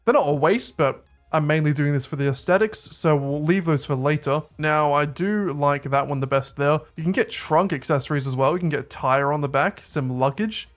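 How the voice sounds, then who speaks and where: A man giving relaxed, chatty commentary over gameplay as a YouTuber. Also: a little high, normal speed, soft background music. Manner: relaxed, chatty, rates cars offhandedly. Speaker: gaming YouTuber.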